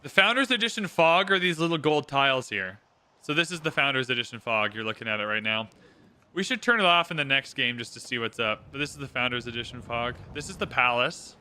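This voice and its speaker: A man's voice: mid-range voice, lively intonation, fairly quick, pushed and bright, clear, resonant tone. A young Canadian man chatting casually on a livestream, reading out viewer locations and talking through a strategy game. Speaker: streamer. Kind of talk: casual livestream chat while playing.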